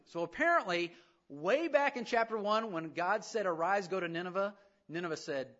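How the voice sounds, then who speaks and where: A man preaching a sermon in an animated way, acting out the voices of the people he talks about. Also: high-pitched, moderate pace, highs cut off. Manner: animated preaching, acts out voices, rising to loud emphasis. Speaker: pastor.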